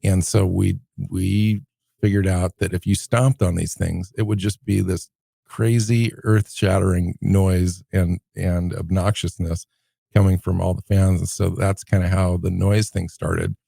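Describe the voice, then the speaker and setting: A man's voice: sits low, level tone, unhurried, creaky, mellow, husky, no echo, clean studio sound. A man in his fifties from the Seattle area, co-hosting a podcast and unhurriedly reminiscing in casual chat. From Seattle area, USA. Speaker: podcast co-host.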